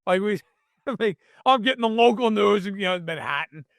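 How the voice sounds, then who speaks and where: A man's voice: high voice, lively intonation, moderate pace, creaky, no room sound, studio quality. A man co-hosting a podcast, ranting in mock outrage over sports in casual chat. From New York state. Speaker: podcast co-host.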